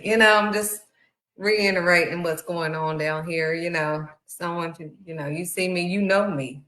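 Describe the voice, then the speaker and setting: A woman talks about faith in a chatty, preachy way, often calling the listener "honey." Her voice sits a little low. The room around her is echoey. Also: steady tone, normal speed, a bit bright. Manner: conversational, preachy, uses "honey". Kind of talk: casual faith talk.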